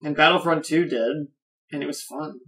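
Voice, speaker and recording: A man's voice: on the high side, fairly even intonation, moderate pace, bright, forceful tone. A man co-hosting a gaming podcast in casual chat, with wry, sarcastic asides. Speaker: podcast co-host.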